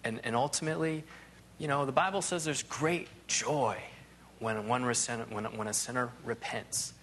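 A man with a mid-range, fairly bright voice teaches a Bible lesson at normal speed in a steady tone, with a little hiss or hum in the audio. His delivery is loose and rambling, full of "you know" asides, trailing off and restarting sentences.

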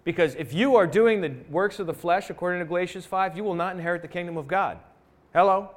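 A man's voice: high voice, fast. A male pastor preaching a sermon in a church, conversational, with rhetorical questions and asides to the congregation. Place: church sanctuary.

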